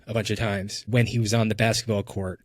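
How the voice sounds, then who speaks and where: A man's voice: on the low side, level tone, brisk, dry recording, studio quality. A man co-hosting a casual podcast, riffing playfully. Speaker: podcast co-host. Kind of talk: casual chat.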